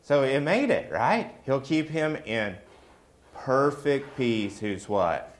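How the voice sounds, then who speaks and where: A man's voice: medium pitch, big pitch swings, slow. A middle-aged man preaching a sermon in a conversational way, often asking the congregation questions.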